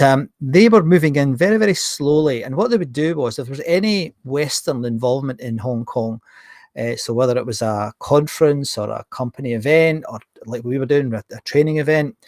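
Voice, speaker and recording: Middle-aged host, animated storyteller, mid-range voice, dry close sound. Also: male voice, medium pitch, no room sound. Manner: animated, acts out dialogue in anecdotes. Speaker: podcast host. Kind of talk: casual storytelling monologue.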